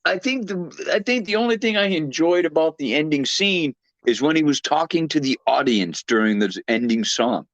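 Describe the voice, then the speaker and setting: A man co-hosting a casual movie review podcast, talking in a measured, reflective way. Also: a little high, animated, no echo, muffled recording. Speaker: podcast co-host.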